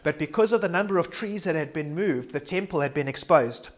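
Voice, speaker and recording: A man's voice: fairly high pitch, animated, brisk. A man preaching a sermon in an earnest, reflective way, sometimes restarting words mid-sentence.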